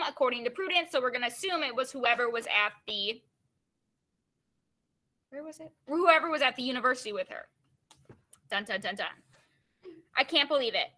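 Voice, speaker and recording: Bright-voiced teacher reading aloud. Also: female voice, sits high. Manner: casual asides full of "like" and "you know" between expressive reading. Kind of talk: read-aloud with commentary.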